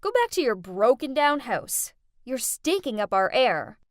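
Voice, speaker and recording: A woman acting out a cruel, snobbish rich girl in an animated story. She speaks with haughty contempt, high and sharp-edged. The sound is dry and close. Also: a little slow, no room sound, heavily acted. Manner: haughty, shrill when angry.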